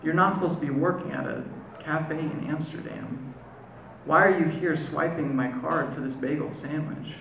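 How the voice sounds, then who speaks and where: An American man recites his poem live in a gravelly voice, pausing to let lines land. The room around him is echoey, with a faint hum of ambience underneath. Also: a little high, fairly even intonation, fairly bright tone. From United States. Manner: measured, deliberate delivery with slow, lingering pauses. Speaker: poet. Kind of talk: spoken word poetry performance. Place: live performance venue.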